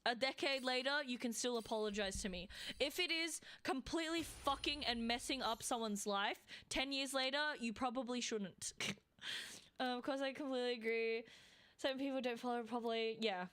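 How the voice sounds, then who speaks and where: A woman's voice: high voice, fairly bright tone. A young woman streaming and chatting casually with her viewers, blunt and swearing freely, rambling with lots of fillers.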